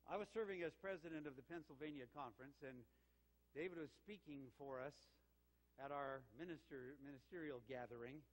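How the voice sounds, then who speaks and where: An older man preaching as interim senior pastor. He tells his stories with lively back-and-forth, in a voice that sits a little high for a man. The sound carries a long reverb from the church sanctuary. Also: fairly quick. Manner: warm storytelling with lively quoted exchanges. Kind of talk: sermon with anecdote.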